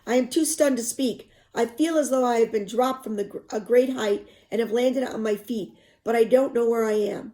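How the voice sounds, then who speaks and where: A woman reading a novel aloud, pausing to explain passages in softer asides. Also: a little high, rough recording.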